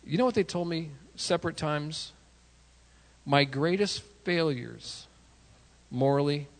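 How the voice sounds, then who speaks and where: A pastor preaches an animated sermon in a creaky, mid-range voice, mixing in self-deprecating asides and sudden shouted prayers.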